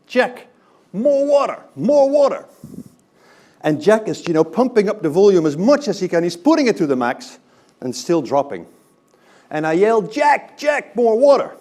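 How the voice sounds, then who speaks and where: A man's voice: mid-range voice, darkish tone. A man giving a conversational talk to a live audience, often checking in with the room by asking "right?". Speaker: presenter.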